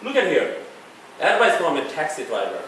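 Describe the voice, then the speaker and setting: A middle-aged guest speaker with a Bangladeshi accent talks in an echoey lecture hall, heard from some distance off the mic with slight background noise. His voice is a little high for a man and a bit bright, with wildly swooping pitch, and he speaks earnestly and haltingly, often restarting and chuckling.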